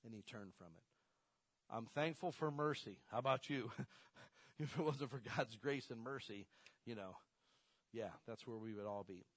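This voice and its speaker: A man preaching a conversational sermon as a pastor, swinging between loud emphatic bursts and quiet storytelling asides. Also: mid-range voice, normal speed, pauses often, dry recording.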